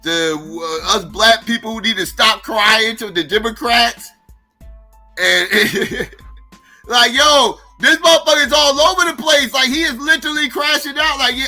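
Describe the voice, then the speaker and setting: A man commenting on a livestream in a profane, incredulous rant that swings from loud outbursts to mutters. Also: very high voice, a little slow, faint music behind.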